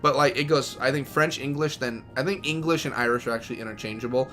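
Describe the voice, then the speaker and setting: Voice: mid-range voice, quick pace, fairly bright tone, faint music behind. A gaming streamer giving casual, rambling commentary as they play, joking and self-deprecating.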